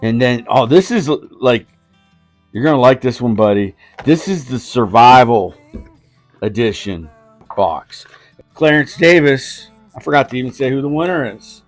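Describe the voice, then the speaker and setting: A man in his fifties hosting a casual vlog, rambling and joking as he hands out giveaway knives. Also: mid-range voice. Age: 50s. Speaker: knife channel host.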